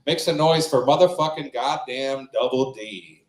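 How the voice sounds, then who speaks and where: Crude joking stand-up host, roomy club. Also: male voice, medium pitch, moderate pace, slight background noise. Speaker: open mic host and comedian. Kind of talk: stand-up comedy and hosting. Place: small comedy club stage.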